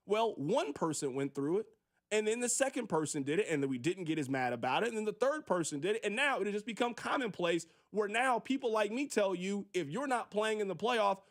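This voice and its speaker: Emphatic high-voiced sports radio man. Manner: emphatic, preachy, acts out quick voices. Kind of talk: opinionated sports radio monologue.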